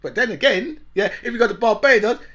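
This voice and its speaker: A man's voice: high voice, quick pace, pushed and bright. A man hosting a casual monologue, rambling, laughing often and tagging "right?" onto his sentences. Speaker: talk show host.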